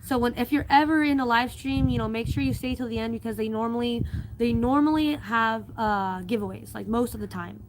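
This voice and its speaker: A woman's voice: fairly high pitch, steady tone, a little fast, a little hiss or hum. A woman chatting casually on a live stream, reading viewer comments aloud and rambling with many fillers and restarts.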